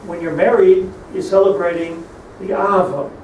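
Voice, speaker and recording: Recorded lo-fi from across an echoey room with faint ambience, a middle-aged rabbi preaches on Lamentations in a steady, fairly high voice at normal speed. His storytelling blends Hebrew terms into English and rises to emphatic peaks.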